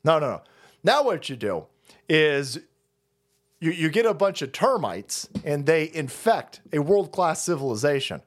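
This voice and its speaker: A man's voice: on the high side, big pitch swings, measured pace. A man ranting on a livestream, sarcastic and mocking, swearing constantly. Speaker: streamer. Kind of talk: livestream rant.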